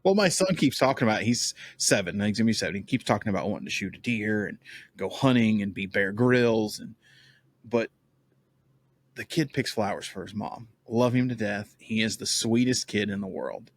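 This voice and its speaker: A podcast host in his thirties, with a fairly low voice, chats casually at a normal speed. He's easygoing and talkative, telling stories and laughing often. The audio is dry and close, without any room echo.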